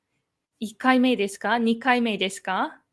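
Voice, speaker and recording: A young woman with a Michigan accent hosting a livestream chat, upbeat and quick to laugh, switching into Japanese now and then. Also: fairly high pitch, fairly even intonation, fairly bright tone. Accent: Michigan American. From Michigan, USA. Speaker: host.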